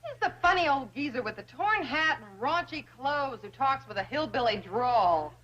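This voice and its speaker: A coy flirty secretary. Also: female voice, sits high, sing-song, moderate pace, fairly bright tone. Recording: dull old TV soundtrack.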